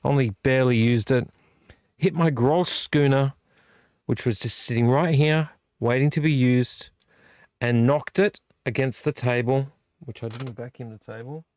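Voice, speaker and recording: A man's voice: mid-range voice, a little slow, darkish tone, clean tone, no room sound. A frustrated, weary man, hosting a casual late-night vlog and rambling in a self-deprecating way with frequent restarts. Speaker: vlog host. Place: home movie collection room.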